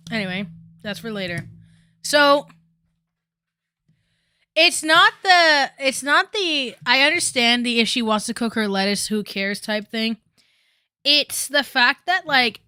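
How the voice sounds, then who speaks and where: A woman's voice: on the high side, sharp tone, clean tone, dry recording, clean studio sound. A young woman chatting casually on a commentary stream, rambling with many fillers and asides.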